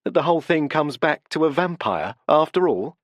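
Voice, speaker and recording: A man's voice: on the high side, animated, moderate pace, no echo, pitched above the performer's own voice. Man reading earnest young man, urgent, slightly raised, dry studio sound. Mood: anxious.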